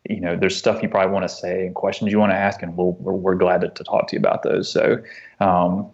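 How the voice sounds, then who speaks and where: A man telling a personal story as an interview guest, earnest and halting, often restarting his sentences. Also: low-pitched, level tone, a little mellow, highs cut off. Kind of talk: conversational storytelling.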